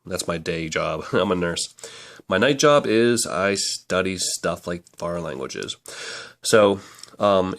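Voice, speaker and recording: Casting: low-voiced man, relaxed rambling reviewer, talks things through out loud. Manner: chatty, rambling, self-correcting. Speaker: book reviewer. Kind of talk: casual book review to camera.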